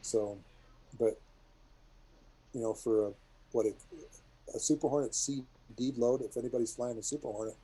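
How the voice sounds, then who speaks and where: A middle-aged man, a retired military pilot, telling rambling war stories to a group in a casual, animated way. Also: mid-range voice, moderate pace, long pauses, slightly rough, rough recording. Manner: rambling, animated, many restarts and asides.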